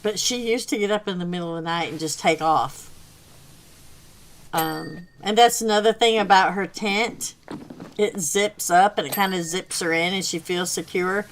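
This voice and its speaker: A woman's voice: lowish voice, normal speed, rough recording. A woman hosting a gaming channel, rambling through a casual story while she plays and laughing often. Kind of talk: casual chat while playing.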